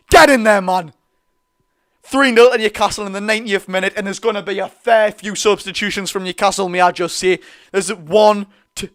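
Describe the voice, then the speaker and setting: Young male Geordie fan streamer, high-pitched, swings from chatty play-by-play to shouting. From North East England. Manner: excitable, loud celebrating, swearing; partisan play-by-play with repeated phrases. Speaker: fan watch-along streamer. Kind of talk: live fan commentary.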